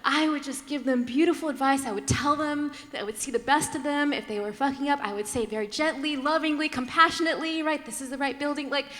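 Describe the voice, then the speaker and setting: A woman speaking candidly on a conference panel, animated and quick to laugh, slipping into different voices as she tells her story. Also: high voice. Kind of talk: candid personal talk on a panel. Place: large conference hall. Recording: long reverb of a large hall.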